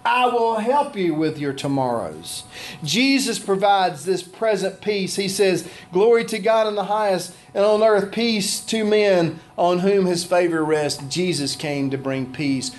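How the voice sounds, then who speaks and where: A man preaching a sermon as pastor, with animated shifts in pitch and pace. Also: unhurried.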